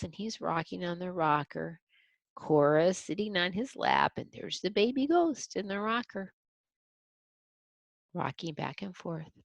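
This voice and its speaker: A woman's voice: lowish voice, creaky, dry recording. A woman reading a picture book aloud to children, stopping to explain the pictures in simple words. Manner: explains the pictures to young listeners. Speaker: storybook reader.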